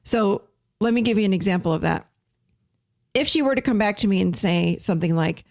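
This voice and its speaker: A woman's voice: mid-range voice, expressive, a little fast, creaky, darkish tone, dry recording, clean studio sound. A woman hosting a casual talk to listeners, speaking emphatically and repeating key phrases for weight. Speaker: podcast host and teacher.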